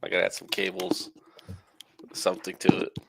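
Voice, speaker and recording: A man chatting casually, speaking in a hesitant, halting way. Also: a little hiss or hum. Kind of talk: casual chat.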